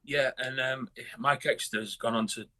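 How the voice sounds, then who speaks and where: A man's voice: medium pitch, steady tone, moderate pace, sharp tone. A man from northern England talking bluntly in a casual interview, swearing a lot and restarting his sentences. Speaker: guest musician.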